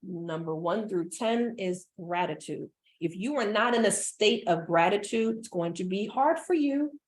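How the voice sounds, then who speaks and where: A woman business coach giving an energetic motivational talk, repeating phrases for emphasis. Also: medium pitch, a little slow.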